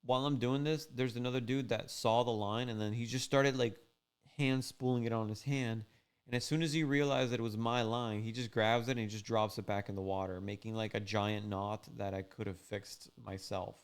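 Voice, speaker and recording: Laid-back man, smooth voice. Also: mid-range voice, steady tone, normal speed. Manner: rambling, laid-back, full of "like" and "you know". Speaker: fishing channel host. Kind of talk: casual storytelling recap.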